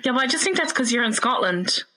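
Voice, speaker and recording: A woman with a bright, crisp voice that sits a little high, talking over a laptop video call. She chats away loosely, laughs easily and drops casual swears as she tells her stories. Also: big pitch swings, fast talker, poor audio. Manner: chatty, laughs a lot, swears freely. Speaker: podcast co-host. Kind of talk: casual chat.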